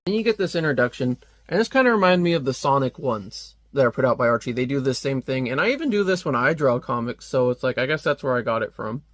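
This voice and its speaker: A man's voice: medium pitch, lively intonation, quick pace, hardly any pauses, dry recording. A man reviewing a comic book in casual, rambling commentary, with lots of offhand fillers.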